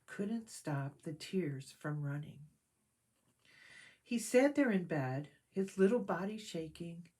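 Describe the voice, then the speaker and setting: A woman reads a storybook aloud calmly and gently. Her voice is husky and lowish, with an unhurried pace. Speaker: storyteller in a church video. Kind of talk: storybook reading.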